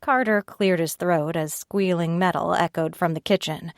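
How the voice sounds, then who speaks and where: A woman narrating an audiobook in first person, reading at a slow, steady pace and raising her pitch for the other characters' lines. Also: no echo, clean studio sound, natural voice. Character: tearful frightened young woman narrator, Ivy.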